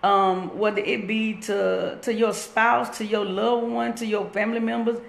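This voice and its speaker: In an echoey room with faint background noise, a woman live streams a rambling motivational talk by phone from her workplace. Her mid-range voice is flat with vocal fry, delivered at a measured pace, and she breaks off to greet viewers.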